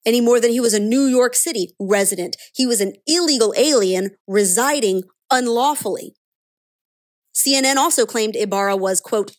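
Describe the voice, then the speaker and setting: A woman delivering a sarcastic, indignant political opinion monologue as a commentator. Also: a little high.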